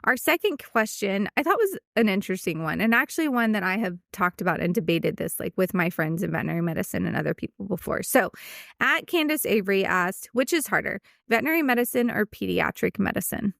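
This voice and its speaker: A woman's voice: mid-range voice, lively intonation, fast, vocal fry, a bit bright, no room sound, clean studio sound. A woman in her thirties, a veterinarian hosting a podcast, explaining things in casual chat and laughing easily. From United States.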